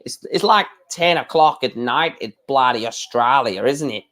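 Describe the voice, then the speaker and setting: A man's voice: mid-range voice, animated, normal speed, a bit bright. A young man hosting a casual live stream, chatting in a rambling way and often correcting himself.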